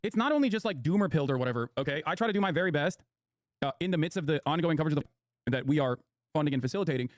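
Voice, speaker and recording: A man's voice: a little high, animated, no room sound, clean studio sound. A young adult man streaming and reacting to news clips in casual, sarcastic, heated commentary, swearing freely. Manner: sarcastic, fast-talking, profane, heated. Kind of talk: casual live commentary while gaming.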